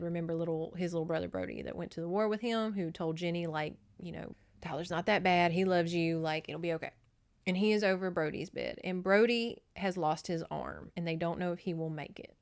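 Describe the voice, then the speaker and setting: A woman podcast host recapping a novel in a chatty, profane, animated way. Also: on the low side, a little fast, few pauses, clear, resonant tone. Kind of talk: casual book recap.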